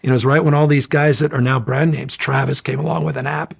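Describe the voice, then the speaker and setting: A middle-aged man telling stories in a casual interview, energetic, rambling and profane. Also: medium pitch, fast, vocal fry, breathy edge. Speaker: interview guest.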